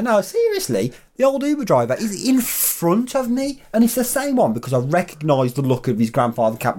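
A young man co-hosting a podcast, telling stories in casual chat and swearing freely. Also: medium pitch. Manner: animated, swearing storyteller. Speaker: podcast co-host.

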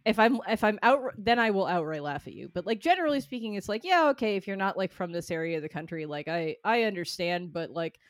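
A woman's voice: medium pitch, lively intonation, fast, few pauses, no room sound. Dry-voiced New England woman chatting. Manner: profane, wry, laughs at herself. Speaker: podcast co-host. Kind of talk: casual chat.

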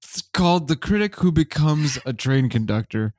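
A man co-hosting a comedy podcast, chatting casually and then reading out stage directions for his own sketch in a playful, deadpan way. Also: a little high, normal speed, no echo, studio quality. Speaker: podcast co-host presenting his comedy script. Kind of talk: casual chat and read-aloud script narration.

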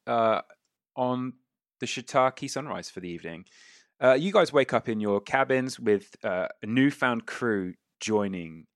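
Man, game master, rambling narration, low pitch, dry close sound. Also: clear, resonant tone, no room sound. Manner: rambling, many fillers and restarts.

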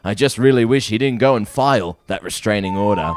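A man's voice: fairly low pitch, brisk, few pauses, over music. A man co-hosting a comedy podcast, joking and reading a mock-earnest poem. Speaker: podcast co-host.

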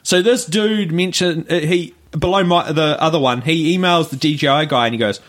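A man's voice: on the high side, moderate pace, few pauses, fairly bright tone. A New man co-hosting a podcast, telling stories in a laid-back casual chat with frequent laughter. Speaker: podcast co-host.

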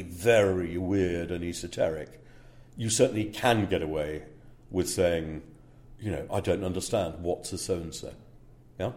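A man's voice: deep voice, mellow. A man working as a speaker agent, talking casually in an interview and checking in with "yeah?" between fillers.

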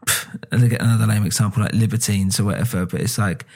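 A man's voice: on the low side, steady tone, fast, gravelly, darkish tone. Rambling British guy on a podcast. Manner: rambling, hesitant, lots of fillers and swearing. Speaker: podcast co-host. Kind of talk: casual chat.

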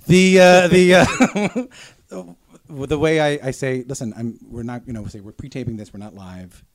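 Man, chatty guest, profane, quick to laugh, dry studio sound. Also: mid-range voice, no echo. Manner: swears freely, laughs a lot, animated storytelling. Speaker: podcast guest, radio interviewer. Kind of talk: casual chat.

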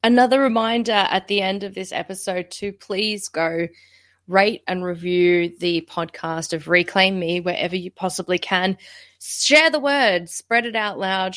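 A woman's voice: fairly low pitch, fairly bright tone, dry recording, studio quality. A woman podcast host reading the episode outro, speaking directly to listeners with promotional appeals.

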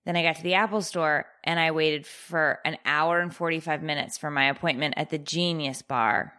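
Low-voiced woman telling a story sarcastically. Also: normal speed. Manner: exasperated, profane, deadpan sarcasm. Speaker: podcast co-host. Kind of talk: casual storytelling chat.

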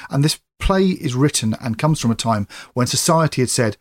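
A man hosting a podcast, talking about a film with enthusiasm and quick asides. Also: medium pitch, expressive. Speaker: podcast host. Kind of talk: casual podcast conversation.

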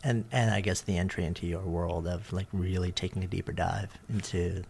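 A man's voice: low-pitched, steady tone, fairly quick, gravelly, darkish tone, a little hiss or hum. A man hosting an interview, asking thoughtful, reflective questions. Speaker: host.

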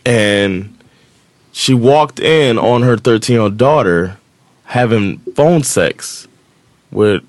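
A man's voice: on the low side, lively intonation, slow pace, pauses often, no room sound. A middle-aged man co-hosting a podcast, chatting loosely and rambling with lots of filler words. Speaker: podcast co-host. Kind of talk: casual chat.

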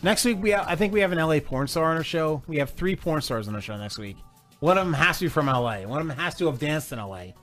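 A middle-aged man from New Jersey trades crude, profane stories as a podcast co-host. His voice swings widely in pitch and sounds bright and forceful. Faint music plays behind him. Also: animated, fast talker. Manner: blunt, profane, laughing storyteller. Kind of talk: crude casual chat.

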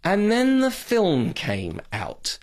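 A man's voice: high voice, wildly swooping pitch, slow pace. A British man hosting a podcast, talking in a chatty, digressive, opinionated way. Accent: British English. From Britain. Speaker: podcast host. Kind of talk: casual podcast monologue.

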